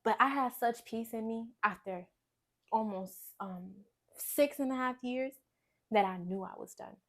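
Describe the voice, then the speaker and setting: A young woman giving a personal testimony in conversation, earnest and storytelling, often dropping to a quiet voice. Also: a little slow. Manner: earnest, storytelling, drops to quiet low voice when recounting. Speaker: guest sharing testimony.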